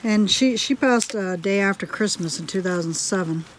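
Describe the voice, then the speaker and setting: A woman homestead vlogger chatting casually while doing crafts at home. She laughs often and drifts into quiet asides as she works. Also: mid-range voice, moderate pace, a little hiss or hum.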